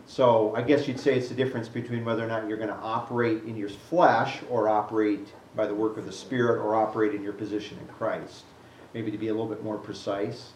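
A man preaching a Bible-teaching sermon and answering a question from the congregation, animated, acting out the scripture he quotes. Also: on the low side, brisk, slight background noise. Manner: animated, acts out quotes with rising voice. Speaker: pastor. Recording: echoey room, mic at a distance.

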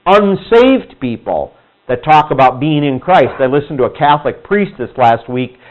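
A man teaching a Bible class in a casual, conversational way, acting out quoted people in higher voices. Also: big pitch swings, normal speed. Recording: dull lo-fi room recording.

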